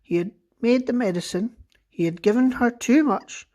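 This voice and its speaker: Expressive man reading a children's story. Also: extremely high pitch, normal speed, lo-fi sound. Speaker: teacher. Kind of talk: reading a children's book aloud.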